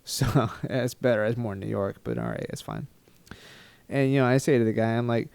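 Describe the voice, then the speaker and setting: A man from Texas rambles through a travel story with self-mocking humor. His voice is smooth and clear at a middle pitch, recorded close and dry with no room sound. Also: normal speed, darkish tone, dry recording. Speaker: vlogger. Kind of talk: casual storytelling to camera.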